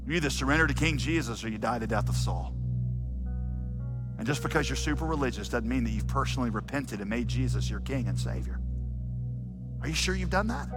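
A male pastor preaching a sermon, dramatic and building to shouts. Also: medium pitch, animated, fairly quick, long pauses, over loud music. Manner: dramatic, rising to shouts when quoting.

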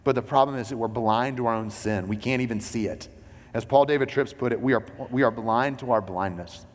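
A male pastor delivers a sermon in a relaxed, chatty way, with lots of "like" and "you know." His voice sits at an ordinary middle pitch. Long reverb from a large worship hall trails after his words. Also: brisk. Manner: conversational, frequent "like" and "you know".

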